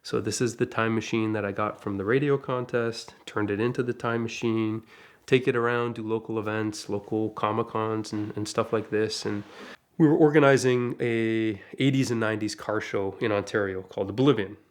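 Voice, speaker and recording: A man from Canada casually telling a story, animated and acting out the voices of the people in it. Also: fairly low pitch, moderate pace. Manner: animated, acts out quoted voices. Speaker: guest storyteller.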